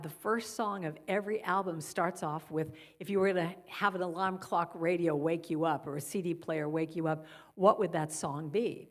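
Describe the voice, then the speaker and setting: A middle-aged woman speaking as a guest at a church service, softly guiding listeners and telling stories. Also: lowish voice. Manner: gentle, guiding a breathing exercise then storytelling. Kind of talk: spiritual talk at a church service. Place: church sanctuary.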